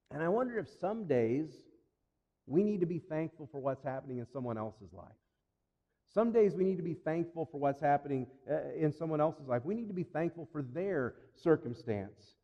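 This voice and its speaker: A man's voice: a little high, lively intonation, warm tone. Preaching man in a reverberant hall. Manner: earnest preaching with repetition and slow emphatic phrases. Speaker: pastor. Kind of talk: sermon. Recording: dull sound with long reverb.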